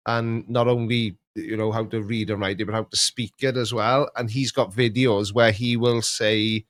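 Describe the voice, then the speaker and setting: A man's voice: lowish voice, fairly even intonation, moderate pace, no echo. A middle-aged man with a Welsh accent, rambling through a casual chat and dropping in plenty of yeahs as he hosts. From Wales. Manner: chatty, rambling, lots of yeahs. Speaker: channel host.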